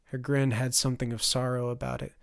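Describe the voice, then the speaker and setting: Man narrating a fantasy audiobook, measured. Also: mid-range voice, little pitch movement, gravelly. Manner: measured, dramatic storytelling. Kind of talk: scripted narration.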